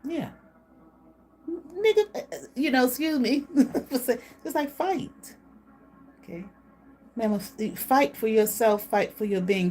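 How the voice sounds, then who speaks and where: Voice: medium pitch, a little mellow. Emphatic casual tarot reader. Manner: emphatic, repeats "okay?" as a tag, blunt with casual swearing. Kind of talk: casual spoken tarot reading.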